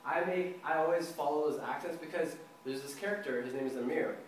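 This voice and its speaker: A young man delivers a lively speech, acting out little dialogues and chuckling at his own jokes. His voice sits a bit high, and it is picked up from across a very echoey room with a faint hiss behind it. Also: fairly quick. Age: young adult. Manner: animated, acts out dialogues and laughs at own jokes. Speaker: club speaker giving a speech. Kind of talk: prepared public speech. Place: meeting room with a live audience. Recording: echoey room, mic from far off.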